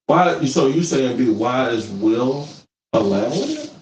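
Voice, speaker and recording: A man's voice: mid-range voice, unhurried. A man hosting a live podcast, telling stories in casual, profane slang. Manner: animated storytelling, profane slang. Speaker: podcast host. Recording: echoey room with faint noise.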